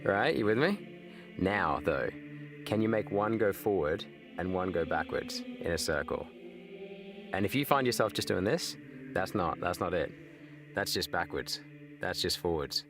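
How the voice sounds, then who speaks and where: A man's voice: deep voice, animated, a little slow. An Australian man in his thirties chatting casually while streaming a game, swearing and answering his chat. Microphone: webcam. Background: video game music.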